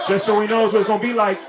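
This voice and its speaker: A man's voice: high voice, very noisy. A man from Maryland doing a stand-up comedy set on a club stage, talking in loose slang and laughing through his lines. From Maryland, United States. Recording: roomy club with loud crowd laughter. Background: audience laughter.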